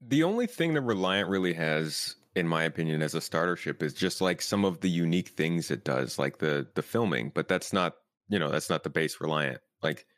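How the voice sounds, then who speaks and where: A man on a gaming podcast, speaking in a relaxed, conversational way. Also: low-pitched, dry recording, clean studio sound. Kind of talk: casual gaming chat.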